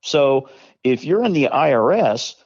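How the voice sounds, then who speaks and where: Male co-host, measured and hesitant, mid pitch; dull, dry recording. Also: sing-song, a little mellow, dry recording. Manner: measured, hesitant, many fillers. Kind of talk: casual political talk.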